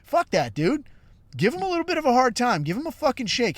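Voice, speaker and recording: A man's voice: extremely high pitch, very animated, fast, dry recording. A middle-aged man hosting a podcast, ranting casually with heavy swearing and a constant "dude" and "bro.". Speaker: podcast host. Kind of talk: casual profane rant.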